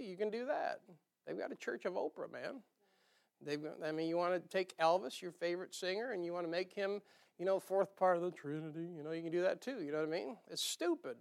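A gravelly, high-voiced preacher from the northern United States speaks from the pulpit. He's folksy and rambling, with a nasal twang and humorous asides.

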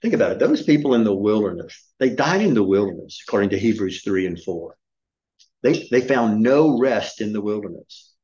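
A man's voice: lowish voice, very animated, moderate pace, a little mellow, dull audio. A middle-aged man preaching a sermon as pastor, emphatic and scolding, firing off rhetorical questions. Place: church.

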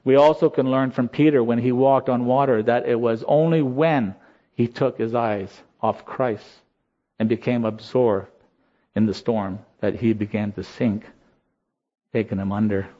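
A man preaching a sermon in a slow, earnest voice that rises in emotional peaks. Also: mid-range voice, steady tone. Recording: slightly dull lo-fi sound.

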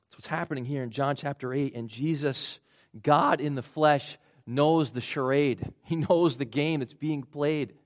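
A man preaching a sermon in an earnest way, his voice rising for emphasis and then dropping low and quiet. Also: unhurried. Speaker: pastor.

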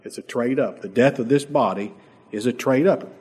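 A man preaching a sermon as a pastor, swinging between loud emphatic lines and soft, quiet asides. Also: medium pitch, normal speed, breathy edge, long reverb tail.

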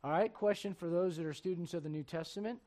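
A man preaches with lively, chatty storytelling, acting out the characters' lines and tossing questions to his congregation. His voice sits quite high for a man. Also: fast. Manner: animated storytelling, acts out characters, asks the crowd questions. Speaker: pastor. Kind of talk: sermon.

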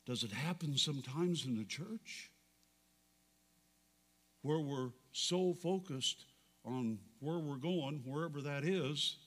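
A man preaching a sermon as pastor, dramatic, swinging between loud declarations and hushed questions. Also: a little high, slow pace, long pauses, big-room sound.

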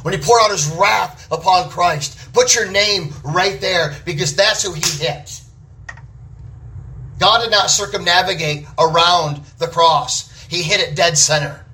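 A man's voice: sits high, a little slow, pushed and bright, distant mic, a little hiss or hum. A man preaching a sermon with an emphatic, repetitive cadence.

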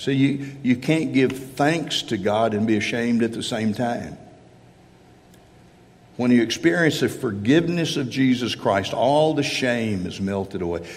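A man preaching a sermon earnestly, voicing heartfelt prayers in the first person as he speaks to his congregation. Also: medium pitch. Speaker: pastor. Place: church sanctuary. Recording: church hall reverb.

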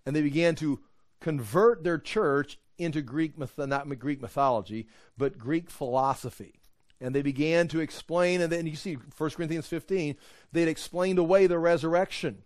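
Guy preaching a sermon, kinda high voice, super dry close sound, acts out the quotes. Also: normal speed, a little mellow, no room sound. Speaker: pastor.

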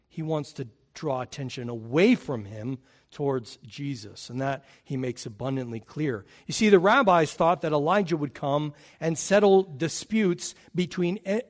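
A man delivering a sermon, with a voice pitched a little above the usual male range. He teaches emphatically, lifting his voice to stress key points and dropping it low to close a thought. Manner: emphatic, rises and falls in pitch and volume. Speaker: preacher.

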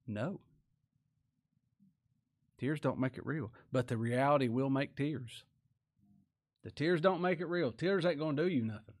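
A man preaching a sermon, reading scripture and speaking plainly, swinging between loud emphatic lines and quiet low asides. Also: expressive, normal speed, long pauses. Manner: folksy plain-spoken grammar, reads scripture aloud.

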